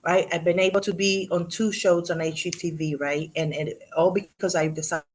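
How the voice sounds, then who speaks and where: A woman in her fifties giving a motivational talk to a live audience, telling animated stories, acting out what people said and dropping in Spanish words. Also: lowish voice, normal speed. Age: 50s. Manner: animated storyteller, acts out quotes, mixes in Spanish. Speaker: real estate agent and motivational speaker.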